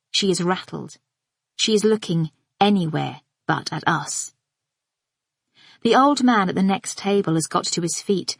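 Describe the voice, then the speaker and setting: A woman narrating a first-person psychological thriller audiobook in a steady, measured reading. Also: mid-range voice, no room sound.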